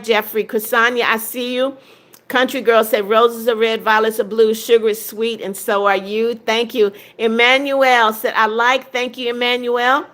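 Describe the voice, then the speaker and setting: A woman's voice: a little high, sharp tone. A woman in her seventies hosting a livestream, casually reading viewers' comments aloud and greeting them by name. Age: 70s. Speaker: livestream host.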